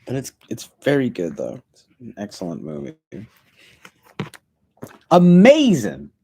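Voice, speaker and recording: A man's voice: sits low, sing-song, fairly quick, gravelly, a little mellow, breathy edge. A man from the United States streaming, chatting casually with rambling, laid-back, mumbled asides.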